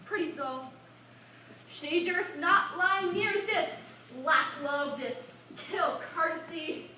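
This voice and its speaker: Woman as male fairy sprite: high, slow, sneaky verse; distant mic in a booming hall. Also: sharp tone, exaggerated voice. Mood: sly. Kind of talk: amateur stage acting. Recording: echoey stage recorded from far off, noisy.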